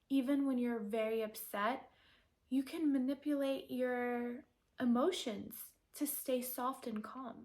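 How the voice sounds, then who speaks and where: A woman talks straight to camera as a coach, earnest and persuasive. She often poses rhetorical questions, and her voice sits a little high. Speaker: feminine energy coach. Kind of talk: direct-to-camera advice talk.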